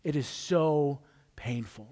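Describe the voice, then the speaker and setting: A man's voice: fairly high pitch, takes it slowly, mellow. A man preaching a conversational sermon, telling a personal story and joking with the congregation. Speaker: pastor.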